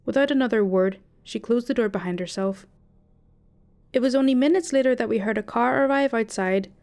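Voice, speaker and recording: A woman narrating a first-person horror story in a steady, dramatic storytelling manner. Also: on the high side, fairly quick.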